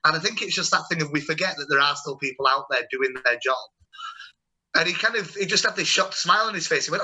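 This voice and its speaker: A young man hosting a relaxed call, telling stories in a rambling, chatty way with plenty of restarts. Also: a little high, quick pace, breathy edge, poor audio. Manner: chatty, rambling, warm storytelling with many restarts. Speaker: host. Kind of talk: casual video-call chat.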